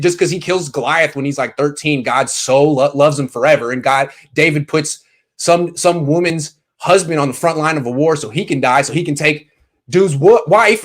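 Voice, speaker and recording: Man, call-in show host, rambling joking manner, slightly high voice. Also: normal speed, a bit bright. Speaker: podcast host taking calls. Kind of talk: casual call-in chat.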